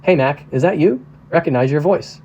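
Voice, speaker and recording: A man's voice: fairly high pitch, normal speed, dark tone, dull audio, a little hiss or hum, lightly acted. Teasing small-town postmaster woman with a Midwestern accent, read by a man, folksy and nosy. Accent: Midwestern American. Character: chatty teasing middle-aged woman postmaster.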